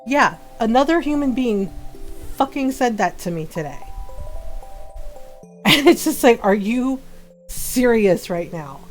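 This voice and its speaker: A woman hosts her livestream in casual chat, her slightly high voice heated and emphatic. She circles back and repeats her points for weight, with faint music playing underneath. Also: animated, takes it slowly, long pauses. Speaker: livestream gamer host.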